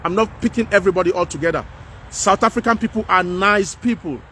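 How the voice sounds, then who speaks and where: A man's voice: high voice, fast, pushed and bright, a little hiss or hum. A man with a Nigerian accent delivering a passionate, repetitive monologue, lecturing his listeners outdoors. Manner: preachy, repetitive, emphatic. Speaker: commentator. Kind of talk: impassioned monologue.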